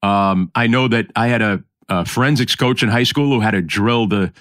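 A middle-aged New York man hosts a casual podcast chat in a fairly low voice, his New York accent plain. He rambles in a reflective way, recorded close and dry with no room sound. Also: normal speed, a bit bright, no echo. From New York area. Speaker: podcast host. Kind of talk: casual conversation.

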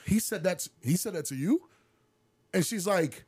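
Husky high-voiced man telling a story. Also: moderate pace. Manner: animated, swearing, acts out voices in his story. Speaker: podcast co-host. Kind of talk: casual storytelling.

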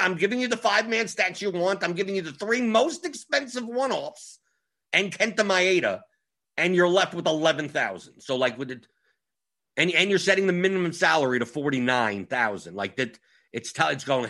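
A man's voice: sits high, expressive, moderate pace, bright, forceful tone. A man hosting a fantasy sports strategy show, explaining in a rambling, casual way and often repeating his words. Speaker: fantasy sports analyst host.

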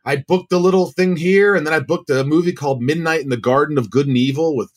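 A man in his forties, a guest actor, telling stories in a casual, animated way and acting out the voices he quotes. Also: a little high, fast. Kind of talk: casual storytelling.

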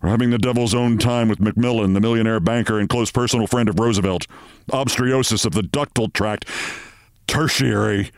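Man voicing a nervous, haggard doctor, hurried, worried, dry close sound. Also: on the low side, no echo, lightly acted.

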